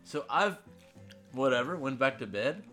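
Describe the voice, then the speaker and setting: A man co-hosting a relaxed podcast, winding through a long anecdote with plenty of asides. His pitch swings up and down in a lively way as he tells it. Faint music plays softly underneath. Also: measured pace. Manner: rambling anecdotal storyteller, lively. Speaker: podcast co-host. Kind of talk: casual chat, storytelling.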